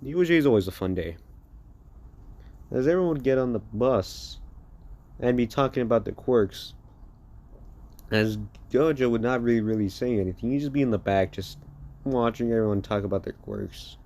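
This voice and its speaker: A man's voice: medium pitch, moderate pace, long pauses, mellow. Rambling man improvising a fan story. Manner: rambling, many restarts and repeats. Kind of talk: improvised fan-fiction narration.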